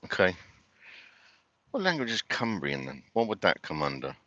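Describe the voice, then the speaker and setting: A man's voice: low voice, huge pitch swings, moderate pace, bright, forceful tone, no echo, lo-fi sound. Chatty London man on a livestream. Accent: London English. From London, England. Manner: rambling, talks to chat viewers while doing chores. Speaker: livestream host. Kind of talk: casual livestream chat.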